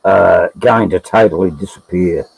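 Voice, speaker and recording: A man with an Australian accent chatting casually on a livestream, blunt and quick to swear. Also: low voice, creaky, a little mellow, husky, no room sound, low-quality recording. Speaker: livestream guest. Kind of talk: casual chat.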